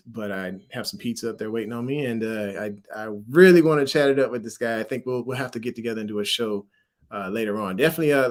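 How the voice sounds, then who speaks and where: A man from Louisiana with a mixed Southern and military accent, hosting a casual sports-fan livestream and chatting in an animated, slangy way with frequent laughs. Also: lowish voice. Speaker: livestream host.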